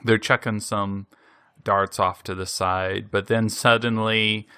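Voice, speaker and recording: A man hosting a podcast, casually recapping an anime episode in an animated way, laughing often and using many fillers. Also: lowish voice, slow, smooth, no room sound, clean studio sound. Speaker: podcast host.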